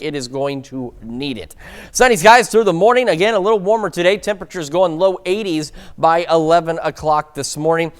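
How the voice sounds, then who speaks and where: A man's voice: on the high side, clear, resonant tone. A man anchoring a local morning newscast and giving the weather forecast, chatty and upbeat, with the odd stumble.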